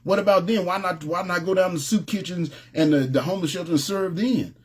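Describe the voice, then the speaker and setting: A man preaching an informal sermon, telling stories in a relaxed, streetwise way and often asking "you know what I'm saying". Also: sits high, a little fast, breathy edge. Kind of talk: conversational sermon with storytelling.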